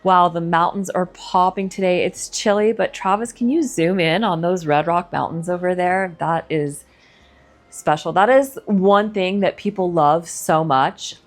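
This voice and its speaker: A woman's voice: on the low side, measured pace. A middle-aged woman real estate agent walking through a house on a casual tour, gushing enthusiastically about each room. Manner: enthusiastic, gushing about features, chatty asides. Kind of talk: casual walkthrough home tour. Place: indoors in a large house.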